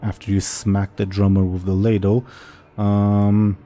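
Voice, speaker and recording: Mellow-voiced man running the game. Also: fairly low pitch, level tone, unhurried. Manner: hesitant, filler-heavy narration. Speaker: game master.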